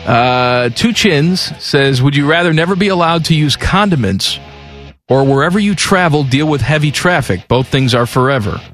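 A man's voice: fairly high pitch, animated, moderate pace, a bit bright, faint music behind. Playful male radio co-host. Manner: reads listener questions aloud, playful and teasing. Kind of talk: casual sports-radio banter.

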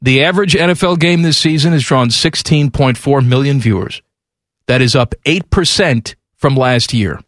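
A man's voice: medium pitch, moderate pace, fairly bright tone, no room sound, clean studio sound. A man hosting a sports talk radio show, ranting bluntly and confidently about the league.

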